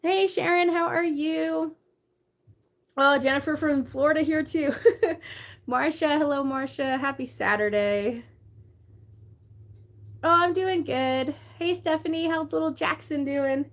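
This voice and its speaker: A woman's voice: high voice, a little slow, long pauses. A woman casually chatting on a live stream from her bedroom. She greets viewers by name, laughs often, sounds tired and coughs now and then. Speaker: livestream host.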